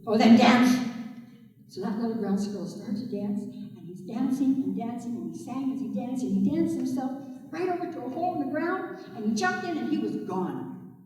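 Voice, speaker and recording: A woman storyteller telling tales to schoolchildren, animated and speaking directly to the kids. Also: a little high, fairly quick. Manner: animated, addresses the children directly. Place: school hall or stage. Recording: echoey hall from far off.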